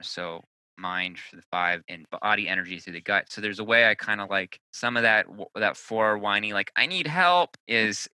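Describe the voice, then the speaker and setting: A man's voice: lowish voice, sharp tone, clean tone, dry recording, rough recording. A man co-hosting a podcast in casual chat, loose and a little profane, thinking aloud as he goes. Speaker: podcast co-host.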